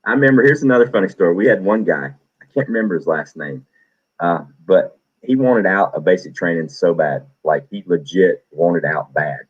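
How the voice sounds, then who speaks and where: A man hosting a stream, casually telling animated stories and acting out the people he quotes. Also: deep voice, normal speed, husky, dull audio. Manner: animated, acts out quoted voices. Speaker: stream host. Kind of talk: casual storytelling.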